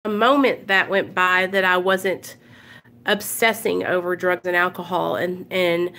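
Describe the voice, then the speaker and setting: A woman's voice: mid-range voice, a bit bright. A woman vlogger reading recovery texts aloud, then sharing her story in an earnest, emotional way with many fillers and restarts.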